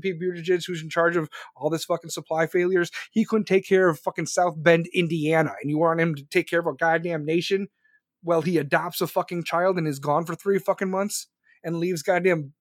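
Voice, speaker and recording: A man hosting a podcast, ranting angrily about politics with constant swearing and shouted questions. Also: fairly high pitch, no echo, studio quality. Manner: profane, furious, shouting questions. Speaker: podcast host. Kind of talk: angry political rant.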